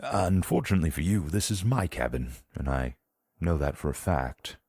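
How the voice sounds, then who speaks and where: A man voicing a stern, gruff grown man who talks in a scolding, menacing way in a tabletop game. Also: very deep voice, lively intonation, moderate pace, darkish tone, no room sound, studio quality, exaggerated voice. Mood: curt.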